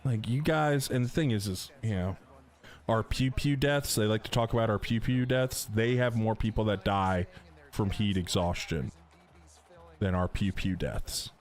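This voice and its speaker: A little slow and on the low side, a middle-aged man from North Carolina chats casually on a gaming stream with faint music in the background. He jokes, uses slang and reads viewer messages aloud.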